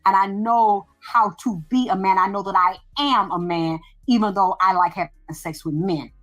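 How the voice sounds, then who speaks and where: A woman's voice: medium pitch, normal speed, lo-fi sound. Blunt, profane woman host over music. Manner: blunt, profane, animated storytelling with quoted exchanges. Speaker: show host. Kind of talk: casual monologue.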